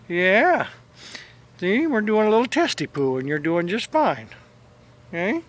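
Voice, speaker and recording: A man's voice: sits high, big pitch swings, a little slow, pauses often, fairly bright tone. A man filming his dogs at home, coaxing them in sing-song baby talk. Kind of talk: casual talk to pets on camera.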